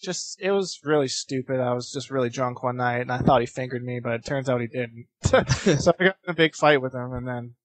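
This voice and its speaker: A man's voice: medium pitch, fairly quick, a bit bright, dry recording. A young man in his late teens, a guest in a casual interview, telling rambling stories and laughing often between phrases. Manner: many fillers and restarts. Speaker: interview guest, competitive gamer.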